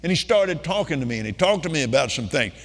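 A man's voice: fairly high pitch, sing-song, quick pace. An older man preaching a sermon, retelling a healing testimony in emphatic quoted speech. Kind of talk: sermon storytelling. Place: large meeting hall. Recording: long reverb of a large hall.

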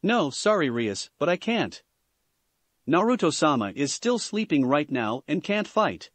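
A man voicing an eager, earnest young male fighter who talks with excitable enthusiasm. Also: on the high side, a little slow, no room sound.

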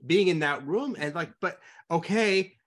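A man's voice: high voice, measured pace, fairly bright tone. A man hosting a podcast, musing aloud in casual interview talk. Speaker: podcast host.

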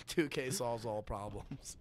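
A man's voice: medium pitch, takes it slowly, a little hiss or hum. Young man telling a story, laughing. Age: young adult. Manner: animated storytelling, laughing and swearing. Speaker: podcast guest. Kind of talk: casual chat.

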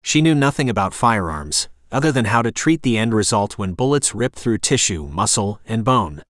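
A man reading a suspense novel aloud as audiobook narrator, steady and lively. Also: lowish voice, moderate pace, no echo, studio quality. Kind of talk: scripted narration.

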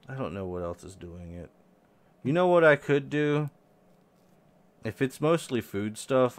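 A young man giving casual commentary while playing a game, muttering quietly and then bursting into loud, high-pitched, exasperated rants. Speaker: game video host.

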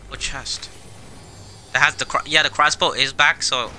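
A young man giving casual, excitable gameplay commentary on his own video, swearing often and jumping between loud outbursts and quiet mumbles. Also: medium pitch, moderate pace, slight background noise. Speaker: gaming video creator. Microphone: camera on face while playing.

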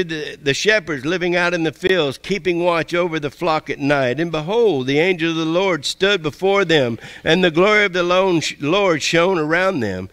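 A pastor giving a sermon, reading verses aloud and explaining them in plain, earnest words. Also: male voice, fairly bright tone, no echo. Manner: plain-spoken, rising in pitch as he preaches, with restarts.

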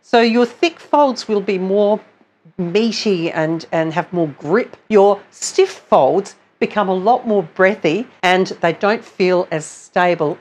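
Slow, patient woman vocal coach. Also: medium pitch. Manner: patient, explanatory, demonstrates sounds between explanations. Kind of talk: singing lesson tutorial.

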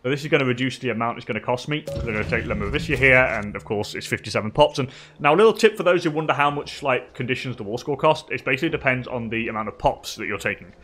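An English man giving relaxed live commentary on a strategy game, chatting with viewers and laughing often. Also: mid-range voice, fast talker, slight background noise. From England. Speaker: streamer.

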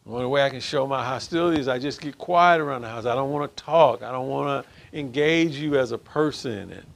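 A man's voice: mid-range voice, a little fast, vocal fry. Emphatic man leading a group talk. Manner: emphatic, keeps asking "right?". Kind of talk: informal group talk on relationships.

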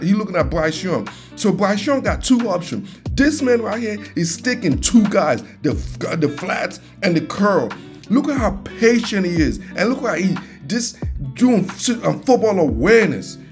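A man hosting a football film breakdown, talking in an excitable, slangy, profane way and calling the viewer man and dog. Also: sits high.

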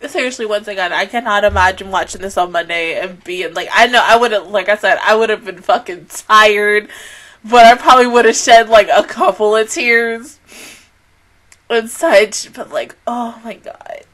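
A young woman reviewing an anime episode in a casual, emotional way, gushing and laughing through tears, then softer and lower when she calms down. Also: normal speed. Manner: gushing, tearful, laughing between words. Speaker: anime reaction YouTuber.

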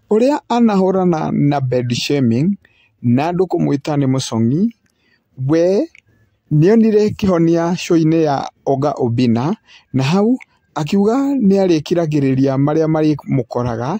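A man narrates a news report in a measured, steady read. His voice sits high yet sounds mellow, and the recording is dry and close. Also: dry recording. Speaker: news presenter.

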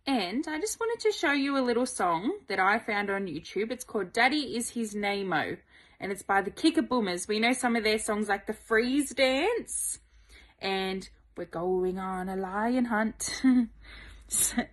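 A woman, talking slowly and gently to young children in simple words. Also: mid-range voice, lively intonation. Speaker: presenter of a children's lesson.

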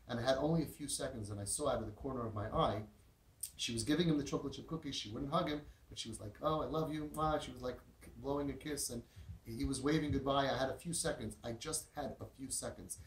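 A man's voice: mid-range voice, fast. Man telling a story from a distant mic. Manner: emphatic, repeats words, Yiddish and Hebrew terms. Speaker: parenting speaker. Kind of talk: storytelling talk. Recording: roomy echo, distant mic, faint noise.

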